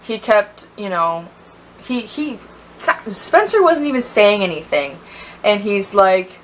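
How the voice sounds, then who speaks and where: A woman's voice: mid-range voice, sing-song, slow, slight background noise, rough recording. A young woman in a storytime vlog, ranting heatedly with lots of fillers and sounding a little tipsy.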